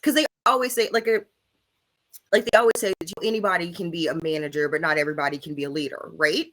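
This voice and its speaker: A woman's voice: on the low side, fairly even intonation, quick pace, a bit bright, low-quality recording. Candid woman in casual sports chat. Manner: candid and emphatic, frequent "like" and "right?", swears casually. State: has the hiccups. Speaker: sports podcast co-host.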